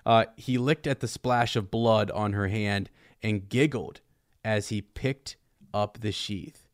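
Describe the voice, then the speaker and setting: A low-voiced male host reads passages from a fantasy book aloud and breaks off to comment on them casually. The sound is dry and close, with no room echo. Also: fairly even intonation, slow. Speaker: podcast host. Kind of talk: casual chat with book reading.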